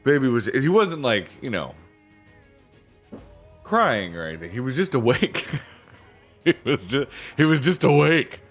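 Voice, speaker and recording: The livestreamer, a book reader broadcasting from home with family nearby, sounds tired after a sleepless night. His medium-pitched voice is sing-song and measured, with long pauses, as he chats loosely with viewers and repeats himself. Faint music sits in the background.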